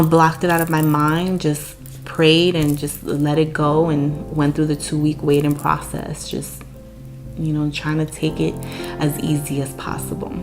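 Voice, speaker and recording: A woman telling her own story of infertility and pregnancy, earnest and candid, often saying "you know". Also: deep voice. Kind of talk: personal testimony. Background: soft guitar music.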